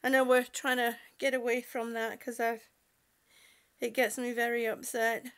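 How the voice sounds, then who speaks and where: A woman's voice: a little high, level tone, moderate pace, fairly bright tone, smooth. A woman at home chatting on a livestream, reading viewer comments aloud and laughing often. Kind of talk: casual livestream chat. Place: at home indoors.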